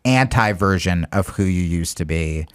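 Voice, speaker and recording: A man's voice: low voice, expressive, normal speed, clean tone. A man who is a comedian guest on a talk show, talking candidly and rambling in a self-deprecating way. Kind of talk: casual talk-show chat.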